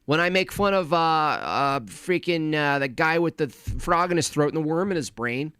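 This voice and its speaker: A man's voice: fairly high pitch, lively intonation, normal speed, a bit bright, clear, resonant tone, dry recording, studio quality. A man hosting a livestream, reading chat donations and commenting in a rambling, distracted way, often muttering to himself.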